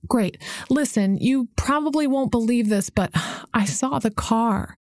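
A woman's voice: fairly high pitch, unhurried, darkish tone, no room sound, studio quality, pitched above the performer's own voice, lightly acted. A woman voicing a young woman who is anxious and confused, asking worried questions in a raised voice.

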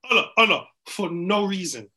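Bright-voiced man arguing sports. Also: sits high, moderate pace, low-quality recording. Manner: animated, argumentative, sings chants and laughs. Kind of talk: heated sports debate.

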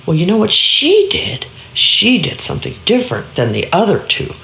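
A woman's voice: fairly low pitch, wildly swooping pitch, moderate pace, creaky, a bit bright, roomy sound. A woman telling an improvised story, acting out voices and sound effects. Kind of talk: improvised bedtime story narration.

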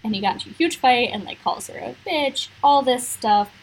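Young woman podcast co-host, casual, blunt and emphatic, higher pitch, faint background noise. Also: expressive, brisk, low-quality recording. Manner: emphatic, blunt, full of fillers like "like". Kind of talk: casual podcast chat about a book.

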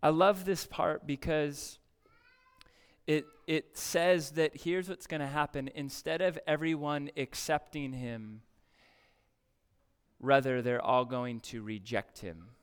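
Slow, smooth-voiced man preaching. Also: fairly high pitch, fairly even intonation. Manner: slow, emphatic scripture reading with questions to the congregation. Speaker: pastor. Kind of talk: sermon.

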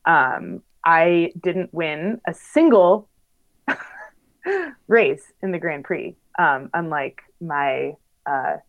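A woman's voice: sits low, animated, very slow, narrow, tinny audio. A young woman, a professional bike racer, chatting casually in an interview with lots of fillers and laughs. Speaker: pro bike racer guest.

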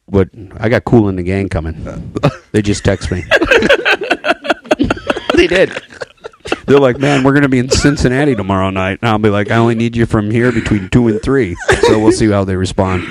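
Low-voiced joking man from Wisconsin. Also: lively intonation, moderate pace, darkish tone. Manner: joking storyteller, laughs often. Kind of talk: casual hunting chat.

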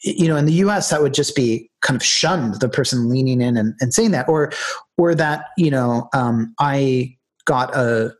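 Man, husky, casual podcast chat, rambling, laughs a lot. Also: medium pitch, moderate pace. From United States. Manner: rambling, laughs easily, tells anecdotes. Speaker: podcast co-host. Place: lives in Ireland.

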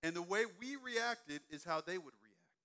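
A young man leads a youth sermon in a high voice, talking to middle schoolers like he is chatting with them. His tone is bright and forceful, and he turns to the students directly again and again. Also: animated, moderate pace. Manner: conversational, speaks directly to students. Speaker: youth pastor.

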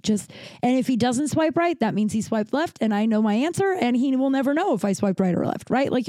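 Rambling, mellow-voiced woman storyteller. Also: on the high side, dry recording, studio quality. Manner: rambling, profane, lots of fillers and self-corrections. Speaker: podcast host. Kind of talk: casual storytelling monologue.

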